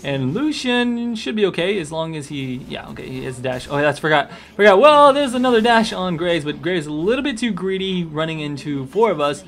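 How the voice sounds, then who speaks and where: A young man casually commentating his own video game match, upbeat and excitable, with a hiccup now and then. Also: high voice, moderate pace, few pauses. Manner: upbeat, excitable, chatty with fillers. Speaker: gaming commentator.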